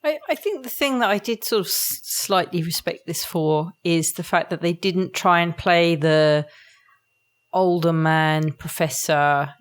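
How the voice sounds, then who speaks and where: A woman's voice: on the low side, unhurried. A woman taking part in a casual film podcast, thoughtful and a little hesitant. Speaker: podcast guest. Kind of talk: casual movie discussion.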